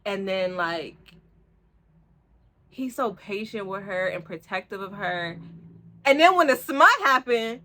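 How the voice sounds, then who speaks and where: A young woman, rambling excitedly in a casual book review, full of fillers and slang. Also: medium pitch, unhurried, pauses often, a little hiss or hum. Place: room at home, street outside.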